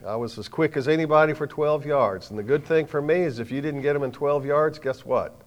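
A middle-aged man preaching a sermon, telling folksy stories with sudden loud bursts and quiet drops. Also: a little high, a little fast.

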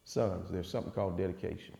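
A man, a former football player giving a folksy, animated testimony with a preaching cadence. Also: deep voice, fast, vocal fry, slight background noise. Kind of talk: storytelling speech. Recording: long reverb of a hall.

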